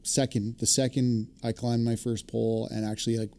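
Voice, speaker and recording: A man's voice: medium pitch, flat delivery, moderate pace, mellow, clear, resonant tone. A man hosting a podcast, chatting and asking questions in an easygoing way. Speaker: podcast host. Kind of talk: casual interview chat.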